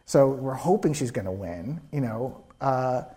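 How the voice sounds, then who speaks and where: Man, screenwriter guest, animated storyteller, acts out quotes, laughs a lot, live interview. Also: medium pitch, a little slow.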